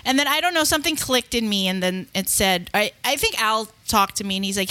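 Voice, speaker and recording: A woman's voice: mid-range voice, fairly quick, no room sound. A middle-aged woman, chatting as a podcast co-host and telling stories with lots of laughter. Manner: lively storyteller, mixes Tagalog, laughs often. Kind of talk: casual chat, storytelling.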